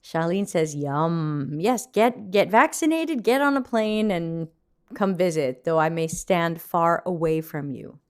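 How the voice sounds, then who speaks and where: A woman's voice: on the low side, animated, unhurried, clear, resonant tone. Chatty woman hosting a livestream. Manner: chatty, reads viewer comments aloud. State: yawning, still waking up. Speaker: livestream host. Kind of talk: casual livestream chat.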